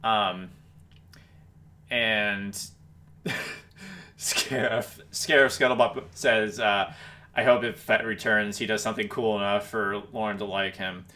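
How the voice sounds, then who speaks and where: A man co-hosting a live-stream podcast, chatting casually and reading viewer comments, relaxed and quick to laugh. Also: lowish voice. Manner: relaxed, laughs often, trailing restarts.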